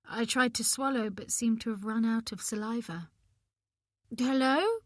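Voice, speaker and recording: A woman narrating an audiobook in the first person, reading in an expressive, measured way. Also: fairly high pitch, no room sound, clean studio sound.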